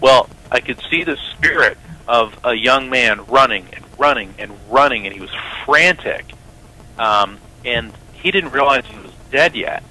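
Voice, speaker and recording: A man as a radio interview guest, an animated storyteller who acts out the voices of the people in his story. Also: mid-range voice, measured pace, low-quality recording. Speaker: guest, psychic medium and lawyer.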